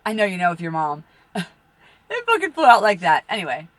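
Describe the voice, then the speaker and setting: A middle-aged woman spins a long, rambling story full of swearing, her fairly low voice leaping up and down as she goes. She laughs at her own bad luck, and dogs bark somewhere behind her. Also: big pitch swings, moderate pace, no room sound. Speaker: tarot reader and channel host.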